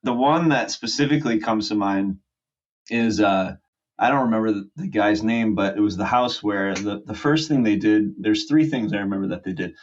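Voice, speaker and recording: A man's voice: on the low side, normal speed. A man in his forties, a podcast guest, telling a long story with fillers and restarts and acting out what people said. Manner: rambling with fillers and restarts, acts out quotes. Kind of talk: casual storytelling. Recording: muffled lo-fi audio.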